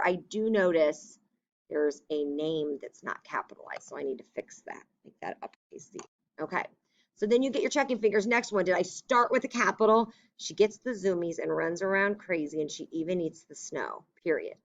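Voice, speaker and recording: A woman's voice: fairly low pitch, brisk, lo-fi sound. A woman teacher giving a remote lesson to young children, explaining step by step in a patient, upbeat way.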